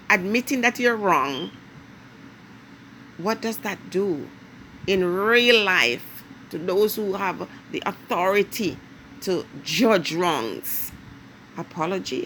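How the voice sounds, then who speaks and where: A woman's voice: medium pitch, expressive, a bit bright, a little hiss or hum. A woman with a Jamaican accent giving a vlog monologue in an emphatic, lecturing way, leaning hard on key words. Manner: emphatic, lecturing, drawn-out stresses. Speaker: vlogger. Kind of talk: direct-to-camera monologue.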